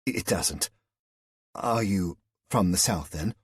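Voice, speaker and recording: A man's voice: deep voice, takes it slowly, husky, no echo, full character voice. A man voicing a nervous young Englishman. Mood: awkward. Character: awkward young Englishman, nervous and self-conscious.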